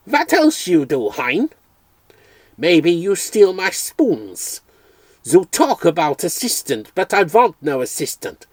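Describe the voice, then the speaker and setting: A man's voice: a little high, slightly rough, no echo, voice pushed up, full character voice. A man doing a spluttering fat German vet. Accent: corny put-on German accent. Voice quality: spluttering, blustering.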